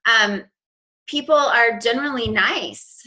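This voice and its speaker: A woman's voice: a little high, slow pace, bright, forceful tone, low-quality recording. A woman coach giving a chatty, informal training talk to her team, with plenty of fillers and restarts. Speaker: fitness business coach.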